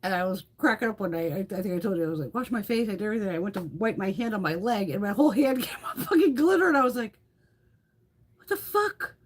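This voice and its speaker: A woman's voice: mid-range voice, lively intonation, rapid-fire, hardly any pauses, breathy edge. A middle-aged woman hosting a beauty livestream, chatting casually with viewers, laughing often and swearing freely.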